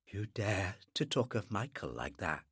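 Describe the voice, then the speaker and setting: A narrator voicing a bitter young actress who taunts her father in a quiet, cold, mocking voice. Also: low voice, big pitch swings, slow, dry recording, studio quality, heavily acted. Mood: cold taunting. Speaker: actress, Otto's daughter.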